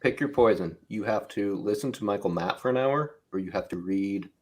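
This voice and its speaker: A man speaking as a guest in casual podcast chat, hesitant and halting. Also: fairly low pitch, darkish tone.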